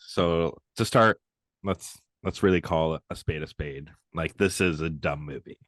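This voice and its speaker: Deep-voiced blunt man. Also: unhurried, a bit bright, no room sound. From Canada. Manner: blunt, swears freely. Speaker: podcast co-host. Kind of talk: casual movie chat.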